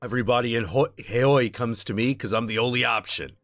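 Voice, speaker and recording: A man's voice: mid-range voice, brisk, a bit bright, no room sound, studio quality, voice pushed up, natural voice. A man voicing a cheerful, hungover cyber-doctor in his forties with a loose Midwestern accent, his words piling together. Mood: boastful.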